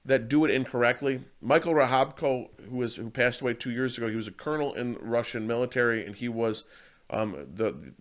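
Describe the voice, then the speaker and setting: An earnest man talks about martial arts in a casual interview, with a voice of ordinary pitch. He rambles through stories, often restarting his sentences. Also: fairly quick.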